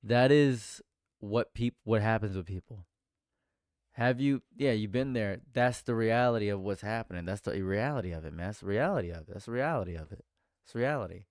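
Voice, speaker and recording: A man's voice: lowish voice, lively intonation, normal speed, dry recording, clean studio sound. A man streaming live react commentary, talking in a heated, rambling way and repeating himself.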